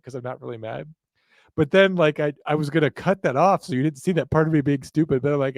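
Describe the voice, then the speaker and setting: A man's voice: on the high side, fast talker, dry recording. A man hosting a live chat, rambling and self-mocking, laughing often. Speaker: show host.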